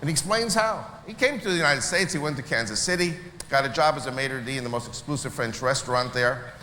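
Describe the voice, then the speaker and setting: A man from Israel telling a story to an audience, animated and acting out the people he quotes. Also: medium pitch, fast. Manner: animated, acts out quoted voices. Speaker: speaker at a church meeting. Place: large hall. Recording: echoey hall with faint noise.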